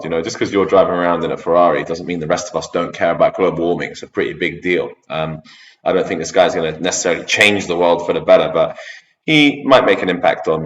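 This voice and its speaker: A man hosting a reaction video, giving hesitant, measured commentary. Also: low-pitched. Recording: echoey, distant, dull sound.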